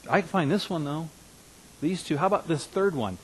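A husky, slightly breathy man in his fifties delivers a sermon as a pastor. He speaks earnestly, sinking into quiet, confiding asides and then climbing into strong, emphatic declarations. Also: on the high side, expressive, a little fast, rough recording. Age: 50s.

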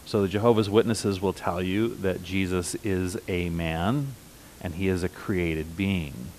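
A middle-aged man preaching a sermon in a conversational teaching manner, slowing down to repeat key phrases with emphasis. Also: deep voice, fairly even intonation, darkish tone, slight background noise. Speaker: pastor.

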